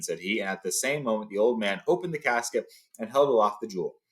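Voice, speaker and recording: A man reading a fantasy novel aloud, relaxed and loose, paraphrasing with fillers. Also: on the low side, fast talker. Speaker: storyteller. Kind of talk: casual read-aloud of a novel.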